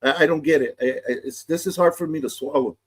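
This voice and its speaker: A man's voice: fairly high pitch, fast talker, slightly rough. A middle-aged man giving casual commentary, in laid-back street talk full of slang and restarts. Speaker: vlogger reacting to a clip.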